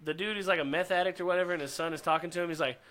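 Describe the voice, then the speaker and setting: A man's voice: sits high, steady tone, very fast, pushed and bright, no echo. A Texan man, a guest on a comedy podcast, laughing a lot and slipping into silly voices as he chats. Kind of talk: casual comedy podcast chat.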